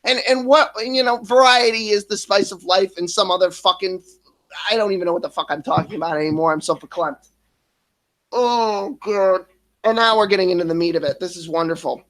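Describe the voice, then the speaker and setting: A man in his thirties speaks on his stream about his past, emotional and close to tears. He swears constantly, stops and restarts his sentences, and trails off. His voice sits a little higher than most men's. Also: fairly quick, fairly bright tone. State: emotional, near tears at times. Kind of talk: emotional personal confession.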